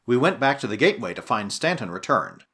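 Husky man narrating a story, lively. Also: mid-range voice, fast. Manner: expressive first-person storytelling. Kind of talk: audiobook narration.

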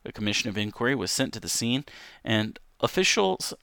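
A man's voice: mid-range voice, very animated, fairly quick, vocal fry, bright, forceful tone, clean tone, no echo. A man casually reading news stories aloud on a livestream, with frequent ums, self-corrections and asides to chat. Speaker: livestream host.

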